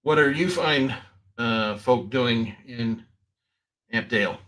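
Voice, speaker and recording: A man's voice: mid-range voice, slow pace, a bit bright, rough recording. A man playing a tabletop game, speaking hesitantly with lots of fillers. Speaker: player.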